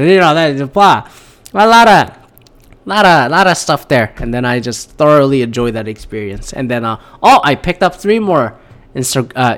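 A man's voice: mid-range voice, fairly bright tone. Profane, ranting, nasal podcast host man. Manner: profane, ranting, rambling with frequent restarts. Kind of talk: casual rambling monologue.

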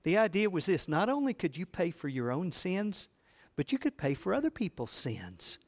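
A man preaching a history sermon, telling stories with swings between loud drama and low emphasis and asking the congregation questions. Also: very animated, moderate pace. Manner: asks the congregation rhetorical questions. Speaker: preacher teaching church history.

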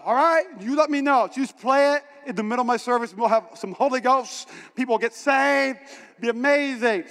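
A pastor preaches to his congregation, joking and animated and pulling the crowd in. His voice is a man's but strikingly high. It rings with the long reverb of a big church hall. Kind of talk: energetic sermon.

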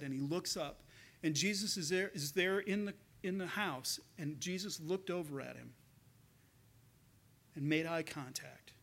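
A male pastor with a fairly high voice preaches a sermon, retelling a story in earnest, spoken tones. He often repeats a word or two as he goes, talking it through with his congregation. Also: normal speed, a bit bright.

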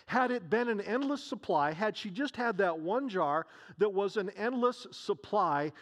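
A man's voice: sits high, animated, unhurried, fairly bright tone. A man preaching a sermon, retelling a scripture scene with acted dialogue and many rhetorical questions.

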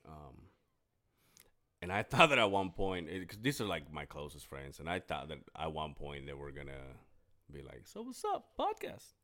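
A man's voice: rumbling low, moderate pace, bright, forceful tone. A young man co-hosting a podcast, chatting casually in long rambling stories, swearing often and acting out his friends' lines. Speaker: podcast co-host. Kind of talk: casual chat.

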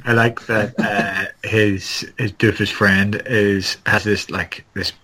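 A man's voice: fairly low pitch, level tone, slow pace, sharp tone, breathy edge, low-quality recording. A man in a casual film podcast chat, rambling and searching for words and swearing now and then. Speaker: podcast co-host.

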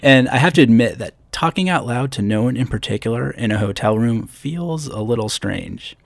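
Gravelly-voiced man hosting a solo podcast. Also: medium pitch, animated, moderate pace, no room sound. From upstate New York. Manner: conversational, self-deprecating asides. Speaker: podcast host. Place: hotel room. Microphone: podcast microphone with pop screen.

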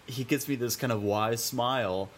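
A man hosting a casual interview, telling a story in a halting, rambling way. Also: mid-range voice, a little hiss or hum. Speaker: podcast host. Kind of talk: casual chat.

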